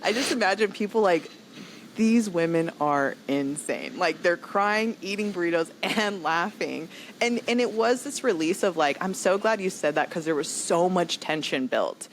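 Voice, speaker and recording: A woman comedian telling a personal story in a podcast interview, animated and acting out other people's lines as she goes. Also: on the low side, moderate pace, a little hiss or hum, poor audio. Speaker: comedian guest.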